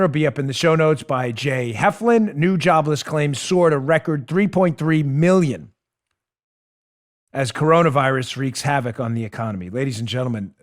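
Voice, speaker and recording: A man hosting a political talk show, delivering an emphatic monologue straight to his listeners, dropping low and quiet and then building up loud. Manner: emphatic, swings between hushed and raised; addresses listeners directly.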